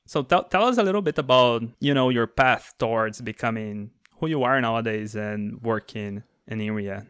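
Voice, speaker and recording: A man hosting a podcast and interviewing a guest in a friendly, lively way. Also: medium pitch, moderate pace, hardly any pauses, clean tone, dry recording, clean studio sound. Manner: friendly, lively, laughs easily. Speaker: podcast host. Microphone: remote call mic.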